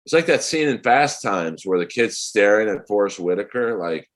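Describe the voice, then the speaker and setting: A comedian in his forties, a man telling rambling, animated stories as a podcast guest. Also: fairly low pitch, normal speed. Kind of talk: casual podcast chat.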